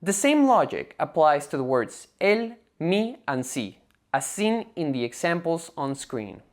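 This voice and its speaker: Female language teacher with a faint Spanish-speaking accent, low, lively voice, methodical scripted delivery. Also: unhurried. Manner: clear, methodical explaining. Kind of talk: scripted lecture narration.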